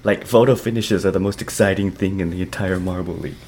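A man with an extremely deep, gravelly voice cuts into a casual podcast chat. He talks quickly and earnestly, with a faint background hiss behind him. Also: steady tone, a little mellow. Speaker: podcast co-host.

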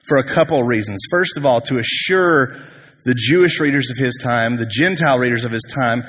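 A man preaching a sermon as a pastor, telling the story in a conversational, animated way with humor. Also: mid-range voice, slightly rough. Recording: long hall reverb.

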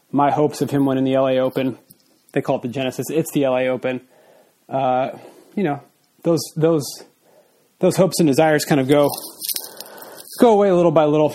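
A man's voice: medium pitch, dark tone. A man in his forties hosting a casual solo podcast, a little out of breath, rambling loosely with fillers and restarts. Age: 40s. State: slightly out of breath. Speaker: podcast host.

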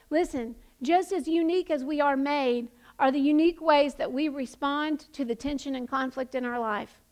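A woman preaching an impassioned sermon, building to emphatic shouts. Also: sits high, moderate pace. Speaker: pastor.

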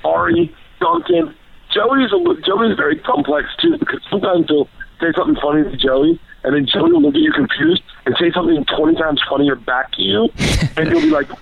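Gravelly, profane man on a phone line. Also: high voice, brisk. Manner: profane, rambling, excitable storytelling. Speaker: podcast guest. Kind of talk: casual chat. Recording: tinny phone-line sound.

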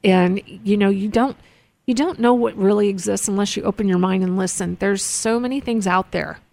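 A woman with a gravelly, fry-tinged voice chats earnestly as a show host. She tells personal stories, often stopping and restarting her sentences. The recording is dry and close. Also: mid-range voice, moderate pace, darkish tone, dry recording. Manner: earnest, storytelling, many restarts. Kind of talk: casual chat. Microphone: close mic in a studio.

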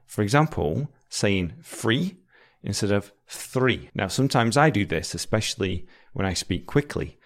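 A British man, an English teacher, explaining words and repeating example sentences slowly and clearly for learners. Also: lowish voice, lively intonation.

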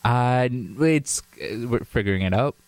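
A man, a stand-up comedian, talking in a calm, dry, sarcastic way as an interview guest. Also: mid-range voice, measured pace, clean tone, no room sound.

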